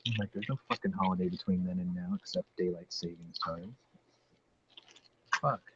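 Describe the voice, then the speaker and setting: A man's voice: low voice, moderate pace. A man hosting a casual podcast chat, a rambling storyteller who swears freely. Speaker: podcast host. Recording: dull lo-fi audio with faint noise.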